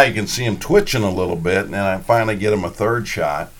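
A man telling old stories in a casual chat, acting out quotes with sudden loud bursts. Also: lowish voice, quick pace, hardly any pauses. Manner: animated, acts out quotes with sudden loud outbursts. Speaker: former radio announcer.

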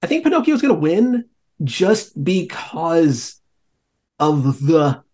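A man with a somewhat high-pitched voice, chatting casually as a podcast guest. He sounds eager and excitable, laughing often between his thoughts. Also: slow. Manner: enthusiastic, laughs often while talking. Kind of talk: casual roundtable chat.

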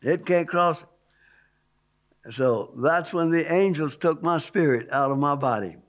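A man's voice: fairly high pitch, takes it slowly. A man giving a spoken religious testimony, emphatic, repeating key words and pushing his voice up on stressed points. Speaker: testimony speaker.

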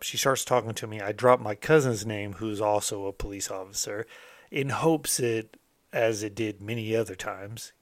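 A middle-aged man from the United States tells a story from his rough past in a loose, candid, streetwise way, cursing as he goes. His voice sits on the low side, and the recording is dry and close. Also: no echo. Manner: candid, streetwise, swears freely. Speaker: motivational host telling his past. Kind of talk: casual storytelling monologue.

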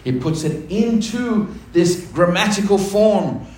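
A man's voice: high-pitched, lively intonation, takes it slowly, a little mellow. A man preaching a sermon, emphatic, asking the congregation rhetorical questions. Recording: echoey room with faint ambient noise.

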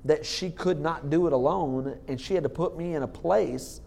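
Pastor with a slightly high voice. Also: male voice, creaky, warm tone. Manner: jokey, laughs often at his own jokes; halting, with many fillers and restarts. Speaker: lead pastor. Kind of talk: sermon.

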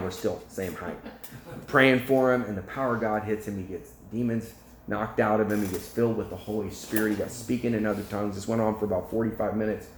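Animated man preaching his testimony, echoey room. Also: fairly low pitch, slight background noise. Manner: animated storyteller, acts out quotes, laughs. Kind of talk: testimony storytelling. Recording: echoey room, faint ambience.

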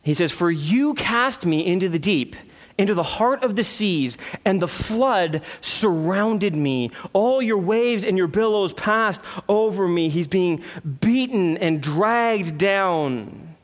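A pastor preaches a sermon in a high, light voice, pressing his congregation with rhetorical questions. His delivery swings from loud emphasis to hushed reflection. The sound carries a long reverb from the church sanctuary. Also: lively intonation, slow.

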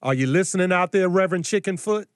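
A man's voice: high voice, fast, dry recording. Combative preachy male commentator, dry sound. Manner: combative, scolding, rhetorical questions. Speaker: political commentary host.

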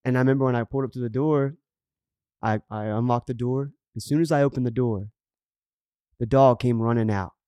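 A middle-aged man tells a story on a podcast at a brisk clip, earnest and animated, acting out what people said. His voice sits at a middle pitch. It is recorded dry, with no room sound. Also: clean tone, dry recording. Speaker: podcast co-host. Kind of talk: casual storytelling chat.

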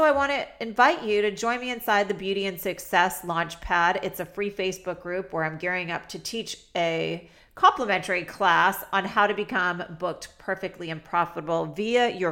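A woman's voice: on the low side, normal speed, bright, forceful tone. Nasal-voiced woman hosting a podcast. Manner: chatty, upbeat and promotional. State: nasal from a head cold. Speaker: podcast host. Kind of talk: casual solo podcast talk.

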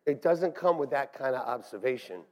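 A man preaching a sermon as pastor in a church, animated and swinging between hushed asides and shouts. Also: medium pitch, normal speed. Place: church sanctuary. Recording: long hall reverb.

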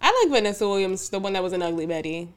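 A young woman co-hosting a casual chat, telling animated stories, laughing often and acting out quotes. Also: medium pitch, racing, slight background noise. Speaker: podcast co-host.

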